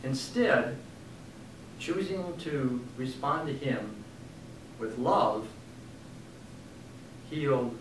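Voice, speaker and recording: A man, an author giving a book reading, telling a story in an animated way and acting out the quotes. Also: medium pitch, background noise. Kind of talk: storytelling talk. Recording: echoey room from a distant mic.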